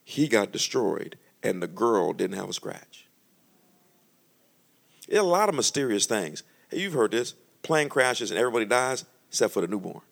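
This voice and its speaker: A man preaching a sermon as pastor, joking between slow, emphatic scripture readings. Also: on the low side, vocal fry. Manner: lively, humorous preaching, reads scripture slowly and loudly.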